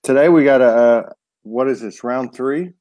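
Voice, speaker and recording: Male host of a live chat show, casual and halting, mid pitch, dry sound. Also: warm tone, dry recording, muffled recording. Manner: loose, stumbling, reads out names. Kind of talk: live-stream show hosting.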